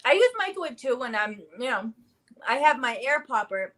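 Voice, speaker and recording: Woman, 30s, bright-pitched casual streamer host, rambling and chatty. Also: big pitch swings, normal speed. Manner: chatty, rambling, many fillers. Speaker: livestream host. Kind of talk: casual live chat.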